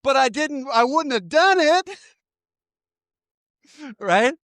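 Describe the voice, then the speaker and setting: A man sponsoring in a recovery program, walking a listener through an inventory in a lively, joking way with frequent laughter. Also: extremely high pitch, takes it slowly, dry recording. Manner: animated, laughs often, acts out voices. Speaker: AA sponsor guiding a step inventory. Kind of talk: casual teaching talk.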